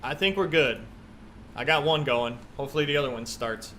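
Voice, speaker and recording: A man's voice: medium pitch, brisk, pushed and bright, a little hiss or hum. A man live-streaming a flight simulator, chatting casually and thinking aloud as he works through checklists.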